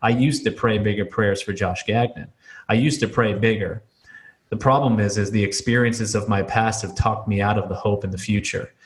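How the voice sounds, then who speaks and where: A man with a slightly low voice, speaking as a pastor and author in a podcast interview. He tells candid stories, acts out quotes and repeats words for emphasis. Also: steady tone, normal speed. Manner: candid, storytelling with acted quotes and repetitions.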